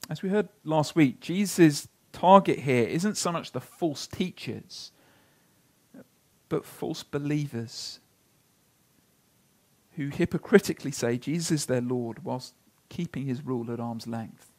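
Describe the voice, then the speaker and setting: A pastor preaching a sermon, telling stories earnestly and slowing down to read scripture. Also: male voice, fairly high pitch, darkish tone.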